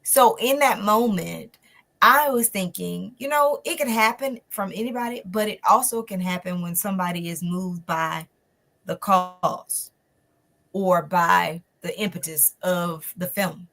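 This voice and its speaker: A woman's voice: lowish voice, a little slow, vocal fry. A woman guest telling a personal story in a conversation, acting out the people in it. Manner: animated, acts out the people in her story.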